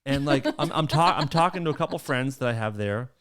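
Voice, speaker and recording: Lively man telling stories with a laugh. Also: mid-range voice, fast talker. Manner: animated, laughs mid-story, acts out quotes. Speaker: podcast host. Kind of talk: casual storytelling chat.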